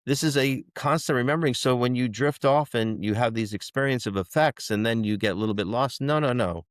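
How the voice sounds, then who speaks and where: A man's voice: mid-range voice, a little fast, dry recording, clean studio sound. A man co-hosting a spiritual podcast, teaching in a repetitive, mantra-like way. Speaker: podcast co-host.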